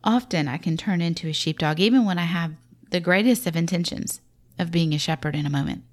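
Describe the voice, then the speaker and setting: A woman's voice: on the low side, a little fast. A woman with a Southern accent, a Christian mother talking through parenting in a casual, folksy, reflective devotional style.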